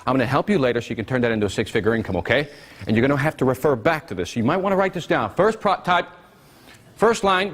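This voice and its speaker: An energetic man runs a business seminar in front of a live audience. His voice sits a little high and swoops widely as he throws question after question at the room. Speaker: seminar presenter.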